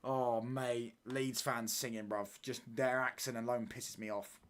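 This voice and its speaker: A man hosting a live football watchalong, talking in excitable, slangy banter and reacting to the play as it happens. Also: mid-range voice, a little slow. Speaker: watchalong streamer.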